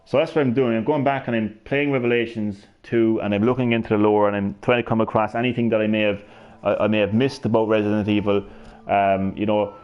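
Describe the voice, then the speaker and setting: A man hosting a gaming channel, talking excitedly through video game lore, rambling and swearing, on a headset mic. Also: lowish voice, fast, muffled recording. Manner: excitable, rambling, swears often, many restarts.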